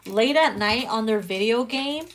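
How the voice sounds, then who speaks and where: A woman's voice: on the high side, unhurried, a bit bright, a little hiss or hum. A woman giving a casual, crude, joking tarot reading, often breaking into laughter. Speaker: tarot reader.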